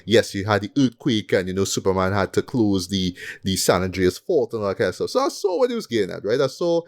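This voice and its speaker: Guy hosting a movie podcast, lively, keeps saying right? and boy. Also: fairly low pitch, fast talker. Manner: animated, repeats himself, tag questions. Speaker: podcast host. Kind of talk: casual movie review chat.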